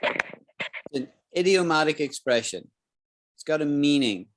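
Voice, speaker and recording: A middle-aged Scottish man teaching a live online English lesson, explaining slowly, repeating phrases and checking that his students follow. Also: fairly high pitch, expressive, fairly bright tone.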